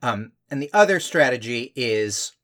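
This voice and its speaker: A man co-hosts a casual film discussion, walking through a plot at an unhurried, reflective pace. His voice sits in the middle range, and he often pauses to search for the right words. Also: medium pitch, animated, a bit bright. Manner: thoughtful, hesitant explaining with fillers. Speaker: podcast co-host.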